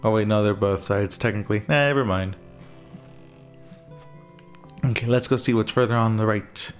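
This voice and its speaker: A man's voice: fairly low pitch, normal speed, soft background music. A man giving laid-back, joking commentary while playing a video game. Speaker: gaming streamer. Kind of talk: casual let's-play commentary.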